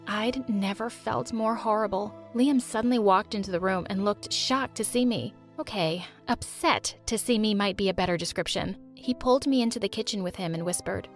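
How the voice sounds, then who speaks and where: A young woman narrating a first-person animated story, lively and expressive. Her voice sits mid-range, and soft music plays faintly behind her. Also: medium pitch, normal speed, few pauses.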